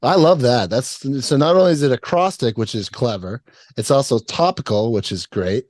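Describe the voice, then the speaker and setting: A man co-hosts a relaxed podcast and jokes with his friends, laughing often and restarting sentences as he goes. His voice sounds dry and close to the mic. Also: mid-range voice, normal speed, dry recording. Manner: laughing, joking, restarts a lot. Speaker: podcast co-host. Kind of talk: casual chat.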